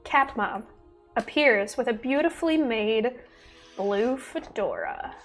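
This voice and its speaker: A woman running a tabletop game, narrating with amused liveliness. Her voice sits high and she takes her time. Soft music plays underneath. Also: animated, takes it slowly. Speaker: dungeon master.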